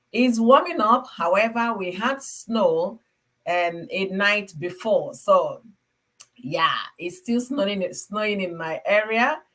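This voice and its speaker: A woman's voice: mid-range voice, a bit bright. A woman with a Nigerian accent hosting a casual livestream from home, chatting with viewers and greeting them by name. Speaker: livestream host.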